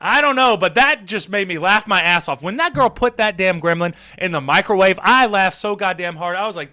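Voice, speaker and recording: A man recapping a movie on a casual live stream, excitable and profane, often laughing as he retells scenes. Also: high voice, fairly quick, hardly any pauses.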